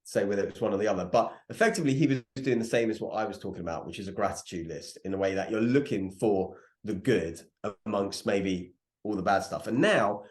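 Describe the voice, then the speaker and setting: Male podcast co-host, earnest, lower voice, roomy echo on the recording. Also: fairly quick. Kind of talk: casual chat.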